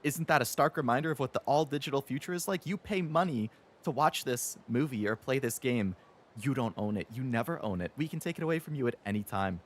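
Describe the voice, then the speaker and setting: Man, twenties, game streamer, heated profane rant, lively swooping pitch, sarcastic. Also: fairly quick. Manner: heated, profane, mocks companies in sarcastic put-on voices. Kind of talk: ranting live-stream chat.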